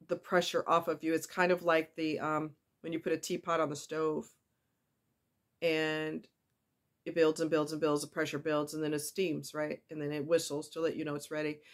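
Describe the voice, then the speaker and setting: A woman's voice: low-pitched, monotone, normal speed. Chatty, confiding woman vlogger. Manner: warm, chatty, confiding, given to asides. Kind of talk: casual heartfelt talk to viewers.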